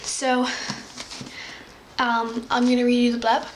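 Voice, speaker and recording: A young woman with an English accent that has picked up a slight American tinge chats about books in a loose, rambling way. Her voice sits fairly high but stays flat and even. A faint hiss runs under the recording. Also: slow, pauses often, rough recording. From England. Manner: rambling, with many fillers and giggles. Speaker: book vlogger. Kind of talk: casual chatty monologue.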